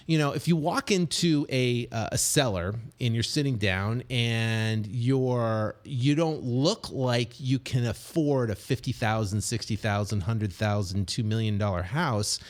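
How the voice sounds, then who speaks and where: A middle-aged man coaching on real estate deals in a casual motivational monologue, animated and repetitive, full of fillers, restarts and quick acted snippets. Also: mid-range voice. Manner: acts out quick snippets of other voices.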